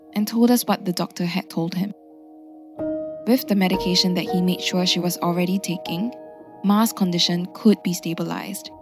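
Gravelly woman narrating a story. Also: mid-range voice.

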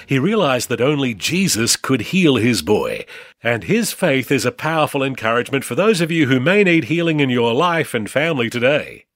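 A man's voice: medium pitch, dry recording. A man reading a scripted introduction for a radio program in a friendly announcer delivery. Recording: dry studio voice over soft music.

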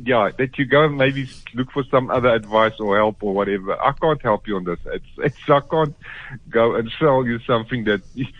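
A man's voice: medium pitch, brisk. A man, a gun shop worker, answering a phone call, hesitant and flustered.

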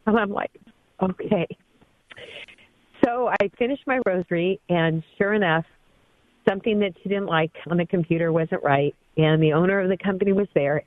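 A woman's voice: fairly low pitch, no room sound. A woman in her fifties phones in to a radio show and tells her story earnestly and with feeling. Her voice comes through a thin, tinny phone line with no room sound at all. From Southern California. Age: 50s. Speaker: caller. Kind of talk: call-in radio testimony.

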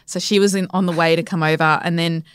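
A woman's voice: on the low side, fairly even intonation, fast, smooth, no room sound, clean studio sound. Woman telling a vivid story. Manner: vivid, breathless retelling that acts out quotes. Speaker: podcast guest. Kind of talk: casual storytelling interview. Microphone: studio podcast microphone.

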